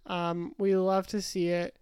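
A woman's voice: on the low side, level tone, slow, darkish tone, clean tone, no echo, clean studio sound. A young woman co-hosting a podcast, chatting casually about a reality show with lots of fillers and restarts. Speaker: podcast co-host.

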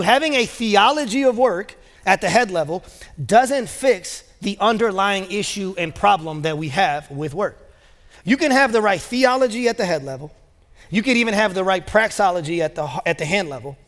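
A man preaching a sermon as pastor, telling stories in a casual way with many fillers. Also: sits high. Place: large church auditorium. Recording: long reverb of a large church hall.

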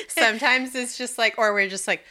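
A woman's voice: a little high, sharp tone. A pregnant woman co-hosting a podcast, chatting casually and rambling with lots of fillers. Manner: chatty, rambling, laughs easily. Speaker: podcast co-host. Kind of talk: casual chat.

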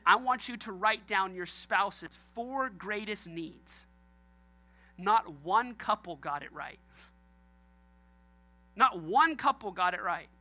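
Bright-voiced joking pastor. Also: male voice, high voice. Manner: joking, talks straight to the congregation. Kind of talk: sermon.

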